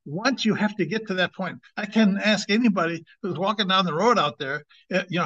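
A man's voice: sits high, sharp tone. A man preaching an informal sermon as an evangelist, emphatic and conversational, stretching out key words. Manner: emphatic, conversational, drawn-out slow stresses. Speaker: evangelist, teacher. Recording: dull lo-fi recording.

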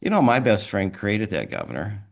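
A man's voice: on the low side, wildly swooping pitch, normal speed, vocal fry. A man leading a small men's group, giving a rambling, conversational devotional talk and praying, laughing often. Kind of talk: informal devotional talk and prayer. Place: small private group meeting.

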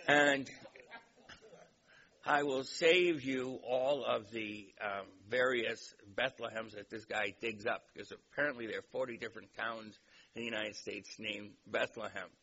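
Gravelly, bright-voiced male lecturer. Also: mid-range voice, steady tone, measured pace. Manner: conversational, digressive storyteller. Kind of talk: lecture with a told joke. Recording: dull recording with faint hiss.

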